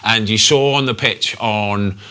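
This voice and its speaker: A man in his thirties, a former goalkeeper hosting a casual football chat, animated and full of swearing and banter. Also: fairly low pitch, unhurried, smooth.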